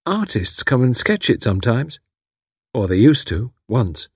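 A man reads aloud in a heavily acted voice as a friendly, chatty, slightly odd housewife living in a lonely country house, rambling in homely talk. His voice is medium-pitched, sing-song, a little slow, with a breathy edge. The recording is clean studio sound with no room sound.

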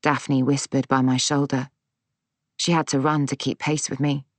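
A woman reading a story aloud as narrator, unhurried, giving the characters' lines light voices. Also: rumbling low, little pitch movement, dry recording. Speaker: audiobook narrator. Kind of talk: scripted narration.

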